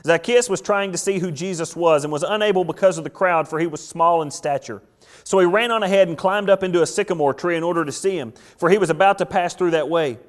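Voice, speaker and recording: A man, a pastor, preaching a sermon with rhetorical questions and repeated phrases, reading scripture slowly and deliberately. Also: high-pitched.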